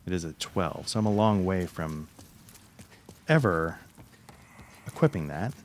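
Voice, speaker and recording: A man's voice: sits low, lively intonation, a little slow, slight background noise. A man giving casual gameplay commentary, thinking aloud and trailing off as he plays. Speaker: let's play gamer.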